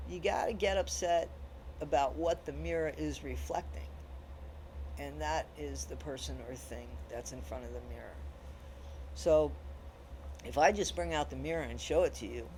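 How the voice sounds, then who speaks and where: A vlog host talking straight to viewers in casual commentary, with a mid-range voice. The host leans hard on each point, repeats phrases for emphasis, and pushes harder and louder while arguing. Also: mid-range voice, a little hiss or hum, low-quality recording. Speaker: channel host.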